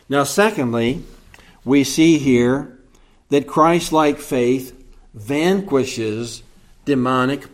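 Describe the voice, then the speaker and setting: A man preaching an earnest expository sermon, slow and deliberate. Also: medium pitch.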